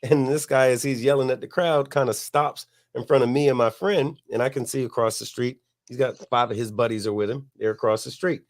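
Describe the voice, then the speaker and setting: A middle-aged man, hosting a podcast and telling a long, profane story in a relaxed way, laughing as he goes. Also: mid-range voice, a little fast, hardly any pauses. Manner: laid-back, profane, laughs at his own story. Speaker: podcast host. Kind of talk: casual storytelling.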